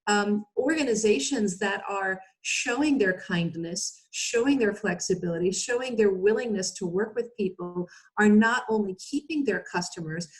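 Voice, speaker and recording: A woman talking through practical advice as a webinar guest, heard over a video call. Her pitch sits in the middle, and she keeps a relaxed, conversational flow, with fillers and small restarts. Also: moderate pace, hardly any pauses. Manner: conversational, explanatory, with frequent fillers.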